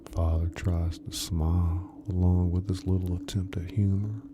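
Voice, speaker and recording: A man reading a story aloud in a soft, unvoiced whisper, as whispered role-play. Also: low-pitched, little pitch movement, moderate pace, noisy background. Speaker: narrator, reader.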